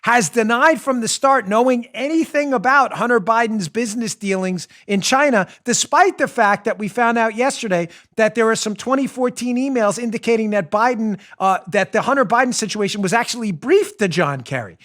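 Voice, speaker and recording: A man hosting a political talk show, emphatic and sarcastic, with rapid asides. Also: extremely high pitch, a bit bright. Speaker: host.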